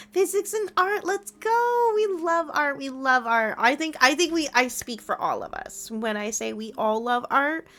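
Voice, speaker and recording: Young woman streamer, high unhurried voice, giggly and gushing, casual home chat. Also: expressive, a bit bright.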